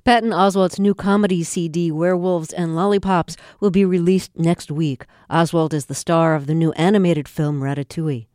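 A woman hosting a radio interview in the studio, asking measured, clear questions. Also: fairly low pitch, steady tone, darkish tone, dry recording.

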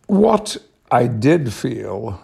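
Older man from yorkshire, british RP accent, gravelly husky voice, measured storyteller, guest on an interview. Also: medium pitch, sing-song, a little mellow. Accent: British received pronunciation. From Yorkshire, England. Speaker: actor, guest. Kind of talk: relaxed interview talk.

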